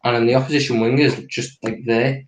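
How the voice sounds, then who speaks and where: A man's voice: mid-range voice, little pitch movement, brisk, slight background noise. Man breaking down football tactics, echoey. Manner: explanatory, walks through positions on a drawing. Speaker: tactics analyst co-host.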